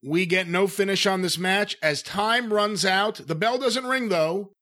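With a high voice and a slightly slow pace, this podcast co-host looks back on old matches in a laid-back manner. He closes the segment by reading the show's plugs.

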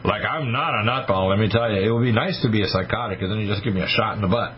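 A man's voice: on the low side, rapid-fire. Emphatic older man on talk radio. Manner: emphatic storytelling, acting out quoted dialogue. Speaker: radio show host. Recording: slightly muffled radio broadcast with faint noise.

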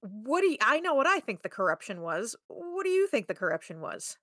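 A woman's voice: fairly high pitch, a little fast, no echo, clean studio sound. A woman co-hosting a podcast, recapping a film plot and joking with friends. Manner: animated, recaps plot with voices. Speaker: podcast co-host. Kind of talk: casual chat reviewing a film.

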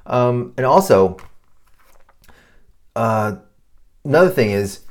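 A man's voice: mid-range voice, animated, takes it slowly. A man hosting a design podcast, giving casual advice in a loose, swearing, ranting monologue. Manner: swears a lot, ranting, mocks clients in put-on voices. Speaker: podcast host.

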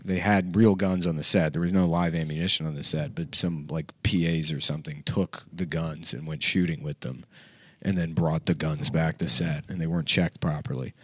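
A man's voice: extremely low pitch, fairly even intonation, normal speed, breathy edge, no room sound. A man hosting a podcast in casual chat, joking and slipping into impressions. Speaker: podcast host.

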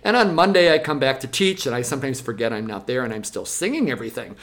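A music teacher explaining classroom methods in an interview, lively and now and then acting out classroom voices. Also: medium pitch, quick pace.

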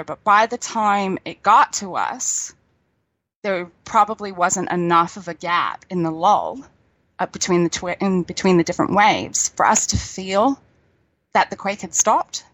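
A middle-aged woman talks in a loose, chatty way and laughs easily. Her voice sits at an ordinary pitch. The sound is dry, with no room echo. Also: a bit bright. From New Zealand. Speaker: guest. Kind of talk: casual chat.

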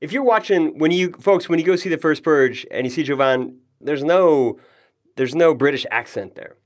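A man's voice: a little high, moderate pace. A man hosting a podcast interview, friendly and jokey, with self-deprecating asides. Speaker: podcast host. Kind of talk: casual interview chat.

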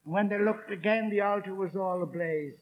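A man preaching an evangelistic sermon, telling stories forcefully and acting out the people in them. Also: sits high, normal speed, highs cut off, a little hiss or hum. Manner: emphatic, forceful, acts out the people in his stories.

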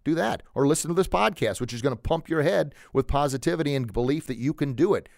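A man's voice: on the high side, fast, gravelly, no room sound, clean studio sound. Emphatic man hosting a motivational podcast. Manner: energetic, emphatic, repeats phrases for effect; chuckles now and then. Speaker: podcast host.

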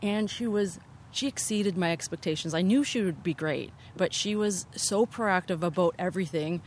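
A woman's voice: lowish voice, moderate pace, a little hiss or hum. A woman choreographer chatting in an interview outdoors, upbeat and full of "like" fillers. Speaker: choreographer and assistant director. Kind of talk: casual interview chat. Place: open-air theatre venue, outdoors.

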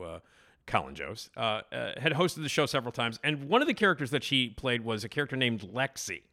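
A man's voice: mid-range voice, pushed and bright. A man hosting a casual commentary show, enthusiastic and rambling with fillers. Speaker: host.

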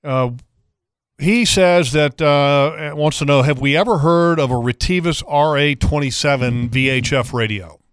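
Smooth-voiced easygoing radio host. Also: male voice, fairly high pitch, a little slow, dry recording, studio quality. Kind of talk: radio hosting, reading listener questions.

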